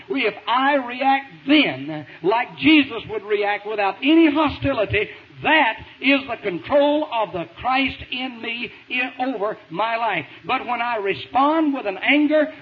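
High-voiced preacher on tinny radio. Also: male voice. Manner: folksy, emphatic, rising to shouts. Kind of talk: sermon. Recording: tinny phone-like radio broadcast with faint hiss.

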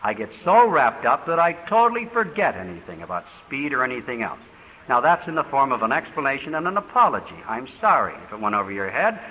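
An older man preaching in a question-and-answer session at a church, talking quickly with fervent emphasis. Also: mid-range voice, very animated, pushed and bright. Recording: reverberant hall, faint hiss.

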